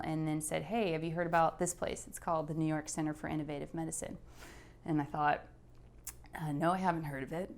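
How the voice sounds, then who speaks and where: A young woman telling her own story of illness in an emotional, halting way, stopping to search for words and tearful at moments. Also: sits low, smooth. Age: young adult. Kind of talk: emotional personal testimony.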